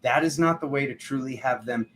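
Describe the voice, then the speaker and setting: A man's voice: mid-range voice, brisk, fairly bright tone, slight background noise, rough recording. A man giving a tarot reading in a rambling, casual monologue full of fillers, sometimes acting out other people's voices. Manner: rambling, filler-heavy, acts out quoted voices. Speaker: tarot reader.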